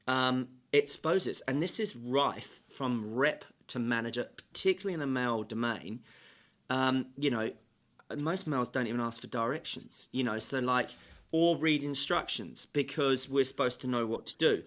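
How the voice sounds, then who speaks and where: A man, a sales trainer, talking as a podcast guest in a measured, explanatory way with frequent fillers. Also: mid-range voice, fairly bright tone. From England. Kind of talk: interview conversation.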